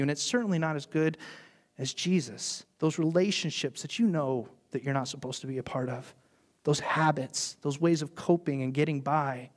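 A man preaching a sermon as pastor, telling the story in an animated way and briefly acting out the voices of the people in it. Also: a little high. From United States.

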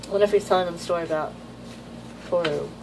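Gravelly-voiced woman gushing over a manga. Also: fairly low pitch, rapid-fire, background noise. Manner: rambling, gushes with excitement. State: sore throat, clearing it. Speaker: manga collector showing a new volume. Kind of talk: casual unboxing chat.

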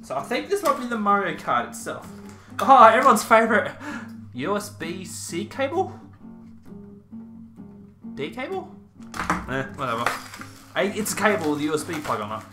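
A man's voice: high voice, huge pitch swings, moderate pace, pauses often. A young man chatting casually through an unboxing, with playful, self-mocking asides. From Australia. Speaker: YouTuber. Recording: roomy echo, faint music.

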